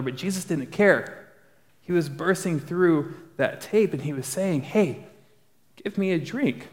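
Man preaching in a reverberant hall. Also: a little high. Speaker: pastor. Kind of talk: sermon.

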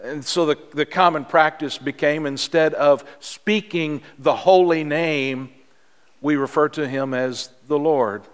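Slow-paced preaching man, echoing hall. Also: a little high, clear, resonant tone. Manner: measured, earnest preaching with emphatic pauses. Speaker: pastor. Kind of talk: sermon. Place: church sanctuary. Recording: long reverb of a large hall.

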